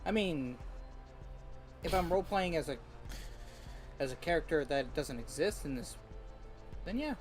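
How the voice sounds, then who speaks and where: A man with a fairly high voice chats on a casual gaming podcast. He answers in short, dry replies. Faint music sits behind him. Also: expressive, measured pace, pauses often. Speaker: podcast co-host.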